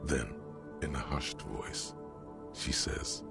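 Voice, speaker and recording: Deep, gravelly game narrator. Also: male voice, steady tone, exaggerated voice. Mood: narrating. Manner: measured, deliberate delivery. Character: grim omniscient male narrator, stern and sardonic. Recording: music playing underneath.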